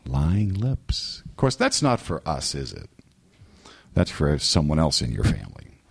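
A man from New England preaching a sermon as pastor, animated and joking, slipping into mimicry. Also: extremely low pitch, measured pace, gravelly, husky.

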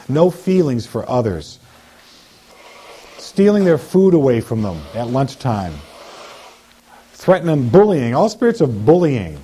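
Husky man commanding spirits out. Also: mid-range voice, sing-song, moderate pace, warm tone. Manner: commanding, repetitive, slips into mocking voices of sinners. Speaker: deliverance minister. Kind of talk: deliverance prayer, casting out spirits.

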